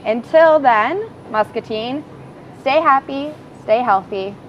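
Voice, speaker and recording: A woman's voice: a little high, expressive, takes it slowly. A woman hosting a casual community talk show, chatty and upbeat. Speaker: host. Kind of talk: casual chat. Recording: dull lo-fi audio with clear background noise.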